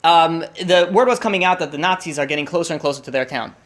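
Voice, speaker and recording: A man's voice: on the high side, fairly bright tone. A young man telling a long story to a group at a holiday meal, in a casual way with frequent restarts and fillers. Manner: rushed, restarts often, many fillers.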